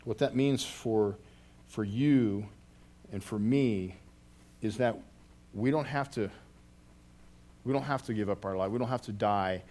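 A man's voice: lowish voice, unhurried, pauses often, a little mellow. A man preaching a sermon as a pastor, telling a story earnestly and often restarting his phrases.

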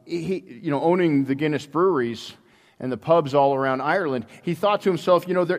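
A man preaching a sermon in a church, telling a story with many halting restarts. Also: a little high. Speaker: pastor. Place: church sanctuary. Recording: long hall reverb.

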